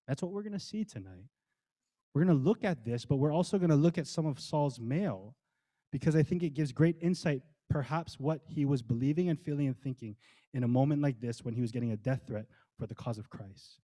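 A man delivers a sermon with a voice pitched a little on the high side. He preaches with passion, stacking rhetorical questions. He speeds through some passages and slows down to stress others. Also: animated, warm tone. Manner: impassioned, rhetorical questions, swings between quick and slow emphatic delivery. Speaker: pastor.

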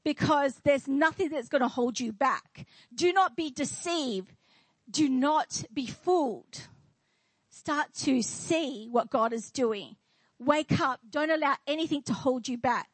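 A woman's voice: sits high, takes it slowly, dry recording, poor audio. A woman pastor preaching a sermon in church, declaring and asking the congregation questions.

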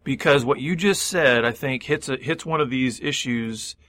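With a fairly bright tone, medium pitch and moderate pace, this man co-hosts a faith-based recovery radio show, recorded with no room sound. He reflects carefully and extends what his partner says, often saying "I mean."

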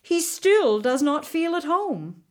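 Brief: woman playing pompous old scholars, slow and solemn. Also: high voice, sing-song, pitched above the performer's own voice, exaggerated voice. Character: pompous male wise men, fussy scholars.

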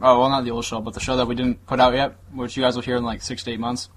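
A young man hosting a podcast in crude casual chat, loud, laughing and rambling with lots of profanity. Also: mid-range voice, level tone, racing, a little hiss or hum. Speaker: podcast host.

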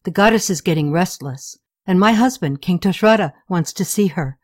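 A woman voicing a middle-aged queen who is scheming but gentle, speaking calmly and with command. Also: on the low side, normal speed, dry recording, clean studio sound.

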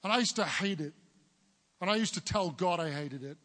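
A man in his forties from England with a big booming voice, preaching an earnest sermon as pastor. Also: a little fast, sharp tone, long reverb tail. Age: 40s. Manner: earnest, building to emphatic declarations.

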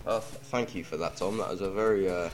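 A man's voice: sits low, steady tone, fast talker, soft background music. A young English man hosting a podcast, rambling and self-deprecating, with lots of ums. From England. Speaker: podcast host. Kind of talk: casual podcast banter.

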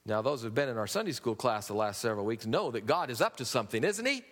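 A man's voice: mid-range voice, animated, fast talker, fairly bright tone. A man preaching a sermon to his congregation, building to emphatic peaks and turning to them with asides. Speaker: pastor. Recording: long reverb of a large hall.

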